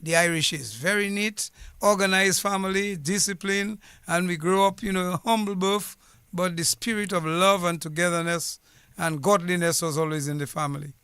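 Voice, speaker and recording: A man with a high, clear, resonant voice tells his story in a studio radio interview. His manner is earnest and formal, wandering from detail to detail. The sound is dry and close on a studio mic. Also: steady tone, normal speed, sharp tone, no room sound. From Dominica. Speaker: guest, former police officer. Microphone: studio mic with headset.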